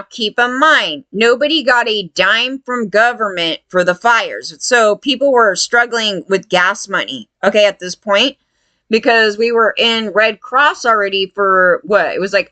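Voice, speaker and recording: Angry woman ranting and cussing about getting no help after a fire, bright sharp voice, dry close sound. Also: medium pitch, lively intonation, a little slow, no room sound. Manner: profane, heated, acts out others' lines. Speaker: fire survivor telling her story. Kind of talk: angry personal rant.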